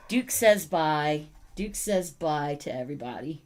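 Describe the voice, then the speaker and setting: A woman's voice: sits low, expressive, unhurried, few pauses, a little mellow, slight background noise. A woman hosting a casual livestream, chatting with viewers and breaking off to talk to her dogs. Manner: chatty, talks to her dogs and chat between thoughts. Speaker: livestream host.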